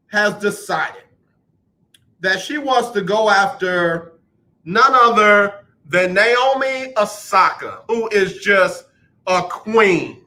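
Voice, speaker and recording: In a radio studio, a man with a high-pitched, sharp voice hosts a sports talk show. He rants emphatically about athletes and the media and takes calls from listeners.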